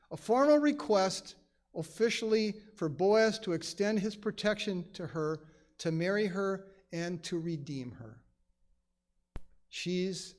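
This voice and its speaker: Man, higher voice, church Bible study, emphatic, chatty asides. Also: darkish tone. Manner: emphatic, acts out quoted lines; chatty, many "you know" asides. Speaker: Bible teacher. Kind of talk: conversational Bible study teaching.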